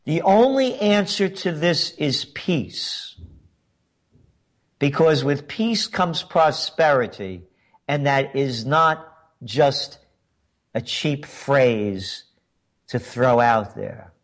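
A man with a somewhat high voice hosts a political opinion monologue at an unhurried, deliberate pace. He leans on sarcasm and pointed rhetorical questions, hammering his points with emphasis. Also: expressive. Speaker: commentary show host.

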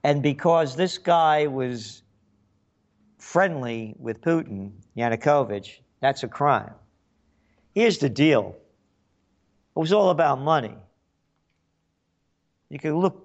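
Slow, sarcastic male radio host. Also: mid-range voice, dull audio. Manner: sarcastic, facetious commentary. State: frog in throat, coughing. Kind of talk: talk radio monologue.

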